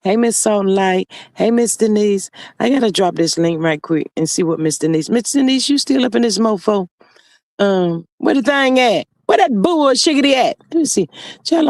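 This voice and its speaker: High-voiced sassy man live-streaming. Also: a little mellow, no echo. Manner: sassy, drawn-out, calls viewers honey and child. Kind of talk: casual live-stream chat, reading comments aloud. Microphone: phone.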